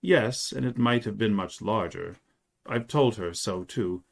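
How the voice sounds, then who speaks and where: A man's voice: fairly low pitch, a little slow, gravelly. A man reading aloud as a good-hearted, talkative shopkeeper who rambles in a folksy way. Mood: warm. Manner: chatty, folksy.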